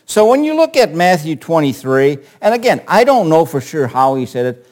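A man preaching a sermon, asking his listeners rhetorical questions and swinging from quiet asides to forceful declarations. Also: fairly high pitch, sing-song, moderate pace. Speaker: pastor.

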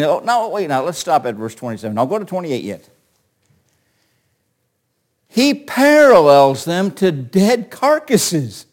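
A man preaching a sermon, asking his listeners rhetorical questions and swinging from quiet asides to forceful declarations. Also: a little high, huge pitch swings, moderate pace. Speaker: pastor.

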